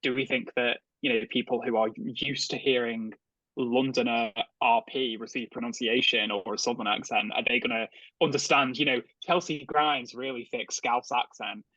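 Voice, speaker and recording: A man's voice: medium pitch, steady tone, moderate pace, bright, forceful tone, no room sound, dull audio. A man with a Liverpool accent chatting casually as a panelist, hesitant with many restarts. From England. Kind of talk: casual discussion.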